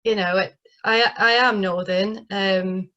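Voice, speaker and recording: A woman with a northeast English accent talks casually as an interview guest, her voice mid-pitched. She hesitates and restarts often, and the video call audio is slightly dull. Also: steady tone, takes it slowly, bright, forceful tone. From northeast England. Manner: chatty, hesitant, many fillers and restarts. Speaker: playwright guest.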